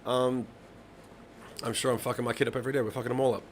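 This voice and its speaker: This live songwriting host, a man in his thirties, speaks quickly and flatly in a medium-pitched voice, with a little hiss or hum in the recording. He chats casually to his live audience, telling rambling stories and swearing freely.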